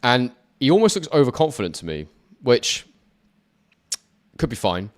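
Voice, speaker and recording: A man commentating a boxing match live on his channel, chatting with viewers between quick play-by-play calls. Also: medium pitch, very animated. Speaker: boxing YouTuber commentating a fight. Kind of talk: live watch-along commentary.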